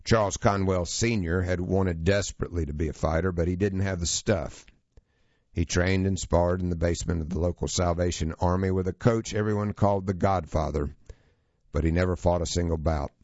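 Male narrator, very low voice, steady long-form storytelling, dry muffled read. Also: brisk, dry recording. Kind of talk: scripted narration of a true story.

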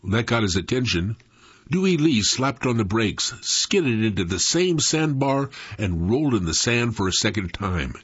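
Man reading a story out loud, super expressive, husky voice, dry muffled recording. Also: on the low side, moderate pace, no room sound. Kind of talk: first-person story narration.

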